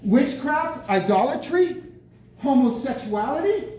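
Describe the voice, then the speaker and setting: Guy preaching all fired up, shouting out bits, mic far off in a really echoey room with a bit of hiss. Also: extremely high pitch, a little slow. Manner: excitable, bursts out with exclamations. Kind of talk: lively sermon. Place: senior center meeting room.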